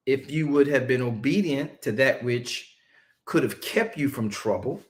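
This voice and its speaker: Lively high-voiced preacher man. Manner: emphatic, call-and-response, slowing to stress scripture; casual Southern-leaning vernacular, mocking asides. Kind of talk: Bible-study sermon.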